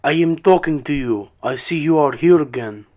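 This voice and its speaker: A woman's voice: low-pitched, normal speed, dark tone, pitched below the performer's own voice, lightly acted. A woman voicing a pushy male stranger who speaks with a thick Russian accent in an insistent, clipped way.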